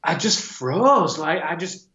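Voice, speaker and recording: A man in his thirties speaks in a fairly high voice, telling his story earnestly and thoughtfully. His voice echoes in a room, and the audio sounds a little dull. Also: very animated, slow pace, sharp tone. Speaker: podcast guest, men's coach. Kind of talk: personal story told in an interview. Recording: roomy, slightly dull podcast audio.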